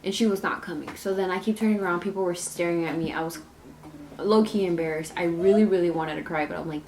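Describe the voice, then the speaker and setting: A young mother telling a storytime vlog in a chatty, run-on way, filling it with "like" and quoted back-and-forth. Her voice sits a touch low for a woman, with faint noise behind. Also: fairly even intonation, a little fast, darkish tone. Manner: chatty, retells scenes with many "like"s and quoted dialogue. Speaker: vlogger and mother.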